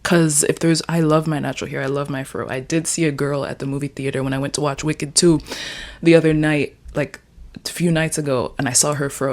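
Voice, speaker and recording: A Jamaican vlogger in her twenties chats alone in her room, rambling playfully about her writing in a casual vlog. Her voice sits low and steady, a little fast, with a darkish tone.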